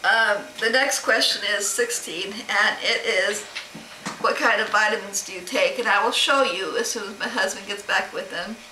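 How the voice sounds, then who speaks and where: A woman's voice: medium pitch, moderate pace, sharp tone, reverberant, a little hiss or hum, poor audio. A middle-aged woman chatting casually to camera at home, rambling and laughing as she answers questions. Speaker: vlogger answering a question tag. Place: home room.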